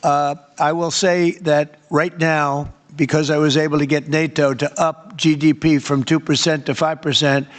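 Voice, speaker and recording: A man's voice: on the high side, little pitch movement, normal speed, few pauses. An older man in a press Q&A answering reporters in a rambling, repetitive and emphatic way. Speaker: head of state answering press questions.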